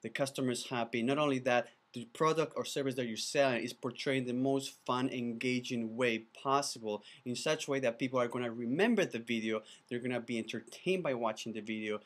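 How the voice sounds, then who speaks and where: A man who is not a native English speaker, pitching his video course in an enthusiastic, chatty way, often restarting his words. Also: a little fast, hardly any pauses. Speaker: animated video producer teaching a course. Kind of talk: casual course pitch to camera.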